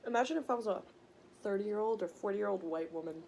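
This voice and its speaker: A woman's voice: medium pitch, quick pace, gravelly, darkish tone, slight background noise. A woman with an American country accent, chatting crudely and joking while eating on camera in a casual vlog. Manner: crude, joking, laughs a lot. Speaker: mukbang vlogger.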